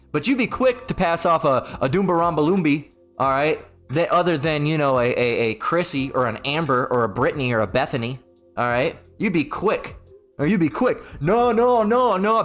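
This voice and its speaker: A man with a fairly high voice ranting about religion in a loose, unscripted way. He sounds blunt and crude and mocks as he talks, and faint music plays behind him. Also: fairly bright tone. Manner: blunt, profane and mocking, with frequent "all right?" tags. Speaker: religious commentator. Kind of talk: casual religious rant.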